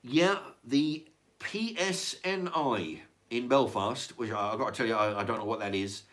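A man's voice: medium pitch, normal speed, fairly bright tone. An older man, chatting casually on a livestream and reading out viewer comments, rambling, repeating words and swearing. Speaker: livestream host reading chat. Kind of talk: casual chat.

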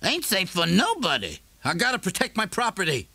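A man's voice: high-pitched, huge pitch swings, normal speed, gravelly, sharp tone, breathy edge, dry recording, voice pushed up, heavily acted. A man voicing a tense, exasperated middle-aged shopkeeper. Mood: stubborn.

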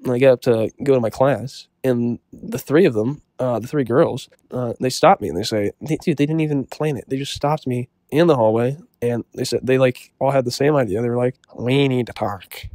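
A young man telling a comic story in a deadpan, self-serious, rambling way. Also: medium pitch, fairly quick, hardly any pauses, no room sound, studio quality. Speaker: comedy storyteller. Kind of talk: deadpan comedic story monologue.

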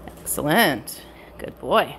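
A woman dog trainer explaining a training session in casual narration at home, switching between high bright praise for her dog and low quiet explanation. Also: expressive, slow, a little hiss or hum. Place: indoors at home with pets.

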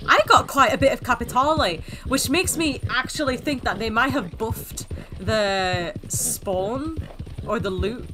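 A young woman gaming YouTuber offers chatty, self-mocking commentary as she plays a video game, speaking unhurriedly in a slightly high voice. Game sounds and hooves play over her voice, with some background noise.

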